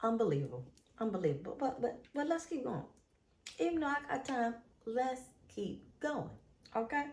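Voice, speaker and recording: A woman host, reading Bible verses in a casual faith talk, animated and emphatic, repeating phrases. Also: on the high side, roomy sound. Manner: animated, emphatic, drawn-out repetitions. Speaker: show host.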